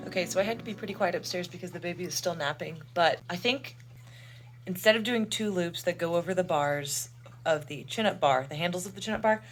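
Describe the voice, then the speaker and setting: A woman's voice: lowish voice, poor audio. A young woman casually narrating a sewing vlog in a chatty, self-deprecating way. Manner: chatty, self-deprecating, coos at her dog. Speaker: crafting vlogger.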